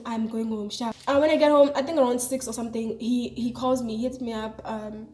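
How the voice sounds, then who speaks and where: A young woman with a South African accent and a bright, high voice, chatting in an animated, slang-heavy storytelling style. She is recorded in a roomy space that adds a clear echo to her voice. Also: a little fast, few pauses. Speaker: vlogger. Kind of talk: casual storytelling to camera. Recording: echoey room.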